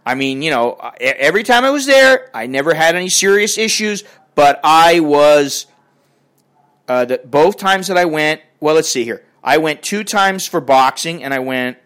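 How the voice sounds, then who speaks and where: A man's voice: on the high side, animated, moderate pace, fairly bright tone. An older man ranting in a crotchety, profane and rambling way as he talks to his viewers. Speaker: vlogger. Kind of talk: casual rant to camera.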